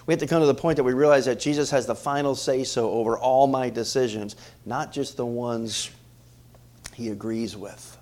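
A middle-aged pastor's mid-range voice moves at a normal speed through an energetic sermon. He keeps asking the congregation questions and often repeats his words.

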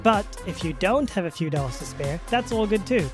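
A woman's voice: medium pitch, expressive, a little fast, music in the background. A woman podcast host narrating her moves in a tabletop game, casual and rambling. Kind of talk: tabletop role-play narration.

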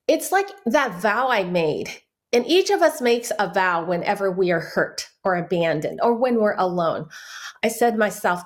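Middle-aged woman guest, earnest testimony, mid-pitched voice. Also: animated, a little slow. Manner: earnest storytelling, acting out quoted family voices. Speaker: interview guest, soul care minister. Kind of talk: personal testimony in a faith interview.

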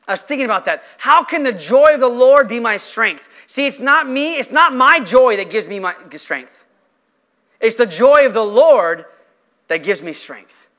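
A man preaching with a strikingly high, bright, forceful voice. His delivery is impassioned and emphatic, slowing down to press home key lines. He sounds like a pastor mid-sermon before a congregation. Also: animated. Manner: impassioned, emphatic preaching with slow stressed phrases. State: emotional.

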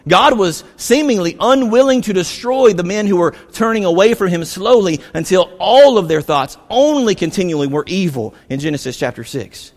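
A pastor preaches a sermon in a high voice, with a long reverb tail behind him. He retells a biblical story animatedly, acting out the voices of its figures.

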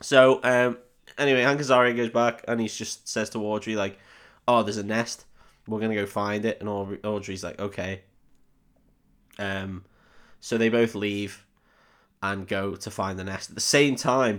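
A man's voice: on the low side, fairly even intonation, normal speed, fairly bright tone. A man, co-hosting a comedy podcast and recapping a film in a casual, swearing way, laughing often and acting out characters.

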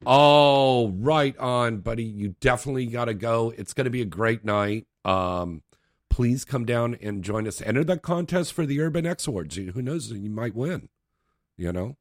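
A man's voice: medium pitch, moderate pace, no echo, studio quality. A man hosting a late-night talk radio show, chatty, brash and joking with callers.

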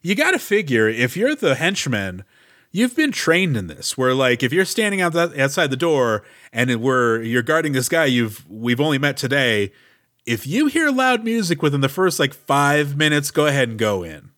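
A man's voice: medium pitch, sing-song, moderate pace, a bit bright. A man co-hosting a podcast, chatting casually about a movie with wry asides and easy laughter. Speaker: podcast co-host. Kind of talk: casual movie-recap chat.

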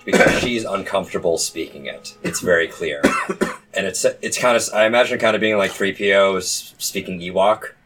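A man's voice: low-pitched, normal speed, fairly bright tone, a little hiss or hum. A man playing a tabletop game, chatting casually and joking wryly between scenes. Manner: joking, wry. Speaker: player.

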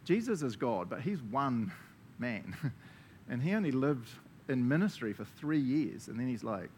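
New Zealand male preacher, animated sermon, mid-pitched voice, faint rumble behind. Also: normal speed. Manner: animated, laughing, acts out quoted voices.

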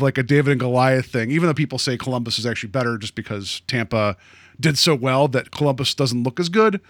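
A man's voice: mid-range voice, a bit bright, no room sound, studio quality. A man co-hosting a podcast in casual chat, rambling along with lots of "like" fillers. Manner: rambling, filler-heavy with many "like"s. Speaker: podcast co-host.

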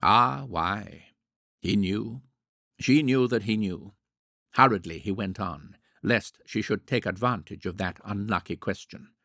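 A man reading a novel aloud in a wry, measured storytelling manner. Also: lowish voice, vocal fry, pushed and bright, no echo, studio quality. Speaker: audiobook narrator. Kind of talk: scripted narration.

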